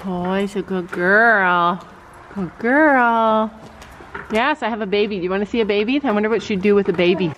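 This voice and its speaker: Walking outdoors around her farm and barn, a grandmother vlogs in a relaxed, chatty way, slipping into baby talk with a toddler and the animals. She speaks at a measured pace in a fairly high, slightly bright voice, and the muffled recording carries slight background noise.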